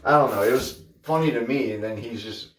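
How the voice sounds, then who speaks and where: A man's voice: mid-range voice, fairly quick, recorded from a distance, a little hiss or hum. A man hosting a wet shaving video, chatting casually and drifting off topic as he tells stories. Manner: chatty, digressive, animated when telling stories. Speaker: wet shaving channel host. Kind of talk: casual rambling chat. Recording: roomy sound from off-mic.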